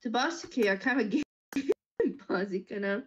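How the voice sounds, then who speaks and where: A woman's voice: medium pitch, moderate pace, breathy edge, lo-fi sound. A woman gaming with a friend, chatting loosely and giggling, with lots of "like". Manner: rambling, giggly, full of "like". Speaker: co-streamer. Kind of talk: casual chat while gaming.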